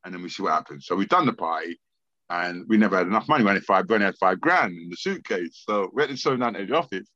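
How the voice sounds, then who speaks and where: A man with a London accent spins a story in a podcast chat, slipping into other people's voices as he goes. He repeats and restarts his words often. His voice is bright and forceful, recorded dry with a slightly dull, lo-fi sound. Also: sits low, quick pace, no room sound. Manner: animated, acts out quoted voices, frequent stammered restarts. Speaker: guest. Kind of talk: storytelling in a casual interview.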